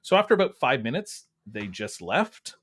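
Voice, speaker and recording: A man hosting a podcast, chatting easily, sharing a quick story and introducing guests. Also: medium pitch, sing-song, fairly bright tone. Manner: easygoing, laughs along, then introduces guests. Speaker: podcast host. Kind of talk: casual chat and show introduction.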